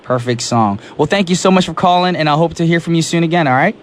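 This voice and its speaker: A man's voice: on the high side, fast. A young man hosting a radio show, chatting casually with a caller and recovering from a sore throat. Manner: energetic, chatty, laughs easily. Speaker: radio DJ host. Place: radio studio. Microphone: studio microphone.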